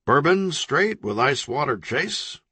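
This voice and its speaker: A man's voice: on the high side, big pitch swings, takes it slowly, bright, forceful tone, husky, no room sound, voice pushed up, exaggerated voice. A man voicing a smarmy, self-satisfied male celebrity businessman with a glib, oily way of talking.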